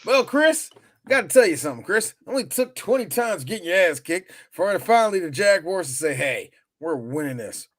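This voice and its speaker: A man co-hosting a casual sports chat show, talking with animated, profane banter. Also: high voice, fairly quick. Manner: animated, profane, mock voices. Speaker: podcast co-host.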